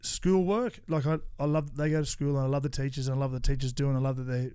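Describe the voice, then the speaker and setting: A man's voice: medium pitch, fairly even intonation, fast, warm tone, smooth, dry recording, clean studio sound. An Australian man in his forties, a podcast guest, telling rambling stories in casual chat and swearing freely.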